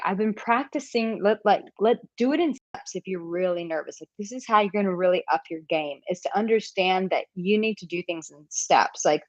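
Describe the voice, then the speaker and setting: A woman's voice: fairly low pitch, dry recording. Chatty American woman on a dull stream. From United States. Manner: chatty, with many "like" and "um" fillers. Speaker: dating coach. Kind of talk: live-stream Q&A advice. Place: home, living in Portugal.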